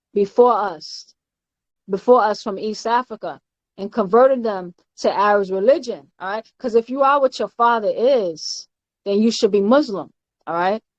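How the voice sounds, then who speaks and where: A woman's voice: medium pitch, dry recording. Emphatic woman teaching, dull dry recording. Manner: emphatic, often ends points with "all right?"; halting, with frequent fillers and repeated words. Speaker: spiritual teacher. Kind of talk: informal doctrinal teaching.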